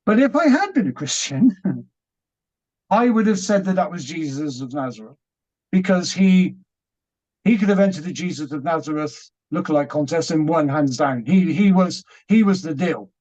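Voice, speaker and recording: A British man telling his story as an interview guest, animated and laughing as he acts out what was said. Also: a little high, normal speed, lo-fi sound.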